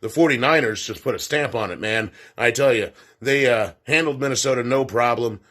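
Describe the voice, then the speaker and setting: Male co-host, mid-pitched, loose rambling football talk with filler asides. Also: a little fast, a bit bright. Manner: rambling, self-correcting, folksy asides. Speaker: sports show co-host. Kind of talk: casual sports commentary segment.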